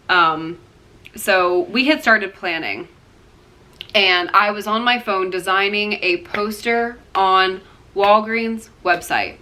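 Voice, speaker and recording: A young woman with a bright, clear-toned voice tells a personal story straight to the camera. She rambles and leans on "like" and "um". She acts out the other people's lines as she goes. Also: medium pitch, slow pace. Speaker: vlogger.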